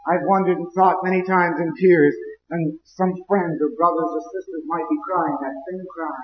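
A man's voice: fairly high pitch, steady tone, moderate pace. A man preaching a fiery, emphatic sermon with lots of repetition, heard in a large, echoing hall on a dull, lo-fi recording.

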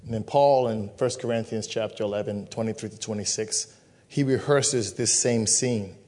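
A man's voice: fairly low pitch, moderate pace, a little mellow. A male pastor giving a communion sermon, repeating phrases with emphatic preaching cadence.

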